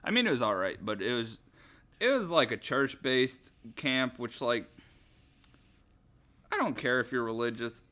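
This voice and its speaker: Bright-voiced young man joking crudely. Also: mid-range voice, expressive, measured pace, long pauses. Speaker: podcast co-host. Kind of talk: casual chat.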